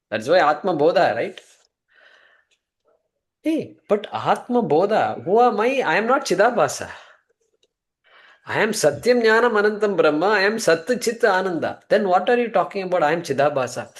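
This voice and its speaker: Emphatic man teaching scripture. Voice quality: pitch swings from emphatic highs to quiet low asides. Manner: rhetorical questions, answering himself, repeated restarts. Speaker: Vedanta teacher. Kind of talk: spoken scripture class.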